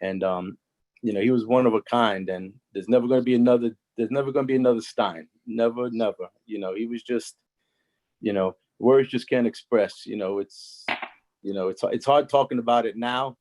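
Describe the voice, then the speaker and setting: A man's voice: lowish voice, fairly even intonation, brisk, warm tone, low-quality recording. A man telling stories on a video call in a loose, rambling way, with many fillers and restarts. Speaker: former coaching colleague. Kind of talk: casual storytelling on a video call.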